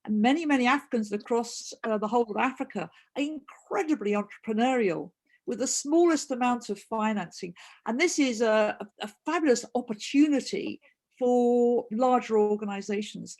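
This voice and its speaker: A woman speaking in a webinar discussion with a gravelly edge to her voice. She talks earnestly and often restarts her phrases. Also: medium pitch. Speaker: co-host and consultant.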